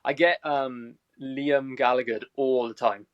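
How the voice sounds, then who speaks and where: A man with a Welsh accent from South Wales, a movie reviewer telling energetic stories as a guest on a video call. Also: mid-range voice, a little slow, dry recording, dull audio. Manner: energetic storytelling. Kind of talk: casual chat.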